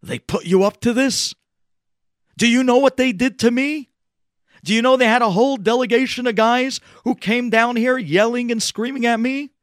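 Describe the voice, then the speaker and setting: A man voicing an excited, then furious, older male president, booming and shouting. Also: normal speed, no echo, studio quality, close to an everyday voice.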